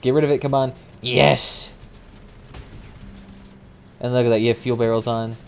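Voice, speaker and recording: A young man streaming a vehicle combat game, chatting casually with swearing and sudden excited outbursts as he plays. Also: medium pitch, normal speed, creaky, a little hiss or hum. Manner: casual, profane, excitable reactions. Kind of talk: live gameplay commentary.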